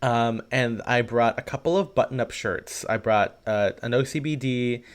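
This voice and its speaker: A man's voice: mid-range voice, moderate pace, clean tone. Rambling chatty man. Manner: rambling, many fillers and restarts. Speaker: podcast co-host. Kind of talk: casual chat.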